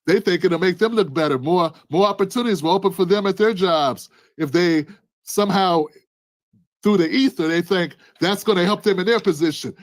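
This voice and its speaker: Here a man with a high-sitting voice talks at a moderate pace. He runs his own channel, where he delivers impassioned political commentary laden with repeated rhetorical questions and names a listener directly.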